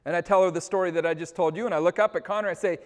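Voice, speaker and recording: Lively man telling a story in a reverberant hall. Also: sits high, rapid-fire. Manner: animated storyteller, acts out scenes. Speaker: staff trainer. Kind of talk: storytelling keynote to teachers. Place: school hall or gym. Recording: long reverb of a large hall.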